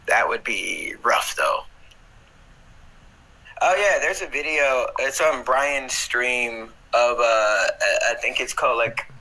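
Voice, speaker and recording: A man's voice: mid-range voice, expressive, takes it slowly, pushed and bright, low-quality recording. A man co-hosting a casual live stream over a video call, joking crudely and swearing freely.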